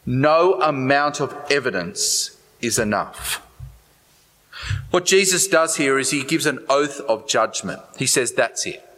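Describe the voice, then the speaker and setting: Animated preacher in echoing hall. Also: male voice, mid-range voice, takes it slowly. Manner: animated, conversational preaching with asides to listeners. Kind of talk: sermon. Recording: long hall reverb.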